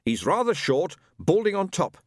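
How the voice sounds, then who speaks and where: A man's voice: high voice, very animated, normal speed, dry recording, clean studio sound, voice pushed up. A man voicing a testy, indignant middle-aged woman with a huffy way of talking.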